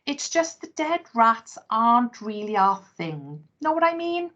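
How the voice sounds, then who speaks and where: A woman's voice: a little high, big pitch swings, a little slow, fairly bright tone, pitched above the performer's own voice. A woman doing a polite, eager little sprite. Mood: reassuring. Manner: polite reassuring. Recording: dull lo-fi recording.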